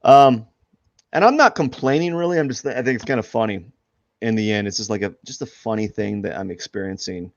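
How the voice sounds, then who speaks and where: A man with a fairly low voice chats off the cuff while he paints on a live stream. He wanders through his thoughts, stops and restarts his sentences, and laughs at his own situation. The sound is dry and a little dull, like a lo-fi home setup. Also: a little fast, no echo. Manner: rambling, many restarts and fillers, laughs at himself. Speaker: artist streaming live drawing. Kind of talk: casual talk while drawing live.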